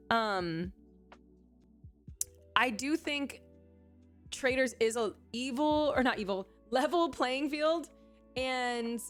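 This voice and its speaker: A woman chatting casually on a livestream, a former reality show contestant who keeps reacting to viewers' chat messages. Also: on the high side. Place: home streaming setup, faint music behind.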